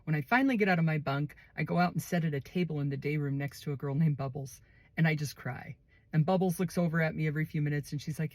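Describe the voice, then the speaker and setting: A woman casually telling a personal story in a relaxed, conversational way. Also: low voice, fast, no room sound.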